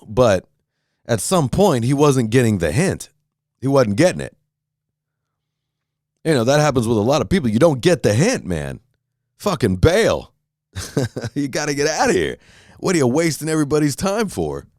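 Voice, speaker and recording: Low-voiced guy ranting solo on his podcast, swears a lot, voice jumps all over, dry close sound. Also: darkish tone, no echo. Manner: rambling, swears freely, acts out quoted exchanges. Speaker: podcast host. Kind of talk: casual solo rant.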